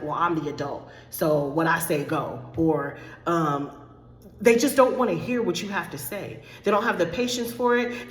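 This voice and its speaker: A woman life coach talking candidly to her followers, choked up and close to tears, repeating herself and calling her viewers y'all. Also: on the low side. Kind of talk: direct-to-camera talk to followers. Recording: echoey room with long reverb.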